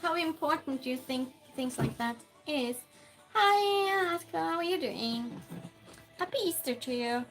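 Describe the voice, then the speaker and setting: A woman's voice: sits high, lively intonation, measured pace, a bit bright, soft background music, low-quality recording. A woman chatting casually with her live-stream viewers and answering their messages as she moves things around her small space. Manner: chatty, reads and answers chat while moving things around.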